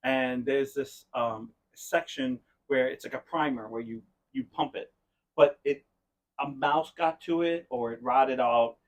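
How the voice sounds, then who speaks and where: A man's voice: medium pitch, unhurried. A man hosting a podcast, telling a long rambling story in casual chat and often breaking into laughter. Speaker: podcast host.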